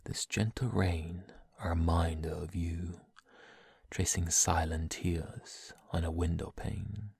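A young man reading poems aloud in a soft, slow, breathy whisper, in the style of ASMR. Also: low voice, fairly even intonation, no room sound, clean studio sound. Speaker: poetry reader.

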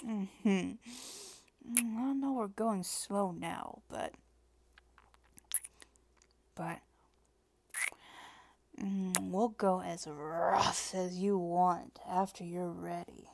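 A woman's voice: mid-range voice, gravelly, noisy background. A woman in a whispered role-play, teasing and playful, laughing often and cracking corny jokes. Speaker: audio role-play performer.

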